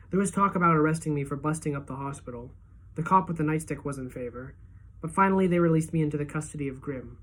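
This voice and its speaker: A woman teacher reading a novel aloud to her class, giving the dialogue lively pitch and loudness shifts. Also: fast talker. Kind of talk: audiobook-style read-aloud.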